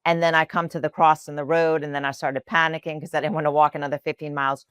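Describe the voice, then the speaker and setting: Podcast guest, woman, Spanish first language, from New Orleans, low voice, heartfelt rambling storyteller. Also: level tone, fast talker, fairly bright tone, clean tone, dry recording, studio quality. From New Orleans, USA. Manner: earnest, emotional, many fillers. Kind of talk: personal faith storytelling.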